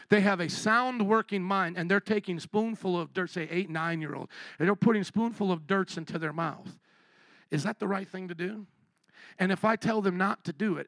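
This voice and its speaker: High bright-voiced male preacher. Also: gravelly, no room sound. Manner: impassioned, rising to loud emphatic peaks; acts out quoted voices in his preaching. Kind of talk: sermon.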